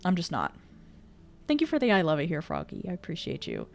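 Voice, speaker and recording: A woman's voice: on the low side, big pitch swings, fairly quick, a bit bright. A woman streaming live, chatting casually and reading out viewer messages, exclamatory, swearing freely and laughing often.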